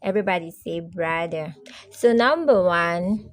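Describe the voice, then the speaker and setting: A woman teaching a pronunciation lesson, saying each word slowly and asking listeners to repeat after her. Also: medium pitch, lively intonation. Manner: repeats words slowly for students to echo. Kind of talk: slow, drilled pronunciation lesson.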